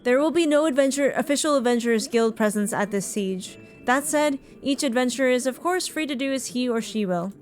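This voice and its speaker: A woman voicing a formal, steady adventurers' guild leader in a measured reading with small slips. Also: sits high, soft background music. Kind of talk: reading game dialogue aloud.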